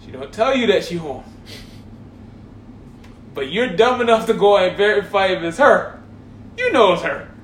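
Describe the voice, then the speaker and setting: High-voiced guy from hawaii telling a funny story, keeps laughing, echoey room. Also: normal speed, pauses often, a little hiss or hum. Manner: animated, laughing through his words. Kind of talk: casual comic storytelling.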